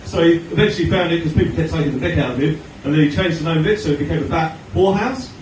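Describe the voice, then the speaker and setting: A middle-aged Australian man doing a stand-up comedy set, telling chatty stories with deadpan punchlines. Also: a little high, very fast. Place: comedy venue stage with audience laughter. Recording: echoey room from far off, noisy.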